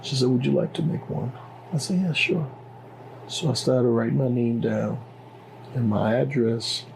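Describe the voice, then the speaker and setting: A middle-aged man with a Liberian accent tells his personal story as an interview guest, acting out the dialogue with animation. His voice is medium-pitched, creaky and darkish at a moderate pace, with slight background noise in a low-quality recording.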